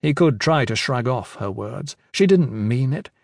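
A man reading a story aloud in measured, even narration. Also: mid-range voice, creaky, dry recording, studio quality. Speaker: audiobook narrator. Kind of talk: scripted narration.

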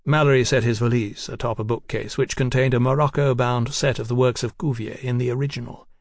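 A man reading a novel aloud at a steady, measured pace, his voice in the middle of the male range. The recording is close and completely dry, with no room sound. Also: mid-range voice, no echo. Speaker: audiobook narrator. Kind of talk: scripted narration.

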